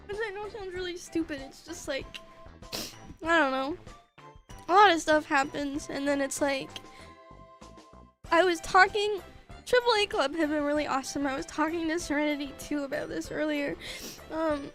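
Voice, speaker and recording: A young woman streamer talking haltingly on a livestream, tearful, with many fillers, curses and nervous laughs. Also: high-pitched, fairly bright tone, soft background music. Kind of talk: emotional livestream chat.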